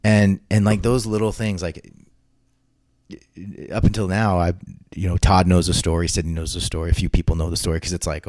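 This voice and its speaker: Interview guest, man, low voice, rambles and restarts, dead-dry recording. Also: flat delivery, brisk, darkish tone, dry recording. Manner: rambling, frequent restarts and repeated words. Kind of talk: casual anecdotal storytelling.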